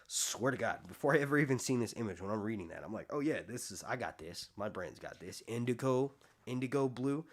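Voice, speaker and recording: A man hosting a casual fantasy book review, excitable and chatty, laughing easily between asides. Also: fairly low pitch. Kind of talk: casual chat and book reading.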